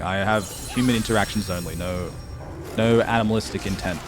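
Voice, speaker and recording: Guy streamer chatting w/ chat, low-ish voice, animated storyteller, quiet music in the back. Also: moderate pace. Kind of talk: casual chat reading out chat messages.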